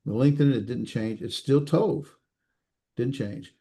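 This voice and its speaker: A male instructor in a recorded class session, talking in a mellow, dark-toned voice. He explains patiently but haltingly, full of uh's and restarts, correcting himself and asking the students if they follow. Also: mid-range voice. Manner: halting, many fillers and restarts; checks in with students, self-correcting.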